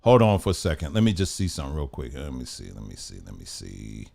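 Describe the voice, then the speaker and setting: A man's voice: rumbling low, very animated, quick pace, gravelly, a little mellow. A middle-aged man hosting a casual news commentary show, rambling, muttering to himself and laughing often. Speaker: host.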